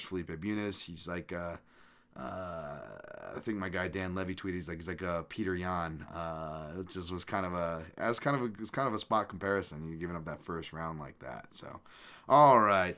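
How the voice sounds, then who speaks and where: A young adult man hosting a podcast, chatting casually and reading comments, relaxed and rambling with many fillers and restarts. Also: low voice. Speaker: podcast host.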